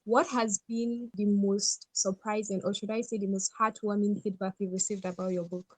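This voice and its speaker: A woman's voice: mid-range voice, darkish tone, no echo, rough recording. A woman hosting a podcast, asking questions in an upbeat, chatty way. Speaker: podcast host. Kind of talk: casual interview questions.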